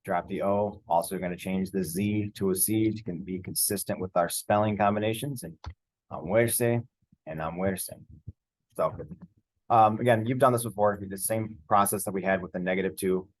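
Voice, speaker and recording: A man teaching a screen-share Spanish grammar lesson in a relaxed, rambling way, spelling words out letter by letter. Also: low voice, moderate pace, no echo.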